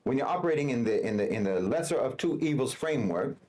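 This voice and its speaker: A man reading scripted narration in a measured, argumentative way. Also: medium pitch, expressive, darkish tone. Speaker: narrator of the original video.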